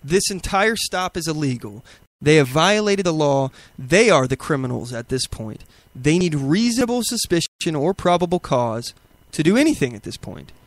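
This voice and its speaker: Indignant man ranting with a bright, dry voice. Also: fairly high pitch, lively intonation, moderate pace, hardly any pauses, dry recording. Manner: indignant, rambling with many fillers and restarts. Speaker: podcast host. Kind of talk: casual commentary over video clips.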